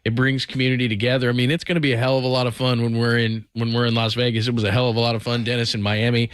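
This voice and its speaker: A man's voice: mid-range voice, little pitch movement, racing, clean tone, dry recording, clean studio sound. A man co-hosting a sports talk radio show, speaking in an earnest, reflective way. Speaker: radio co-host.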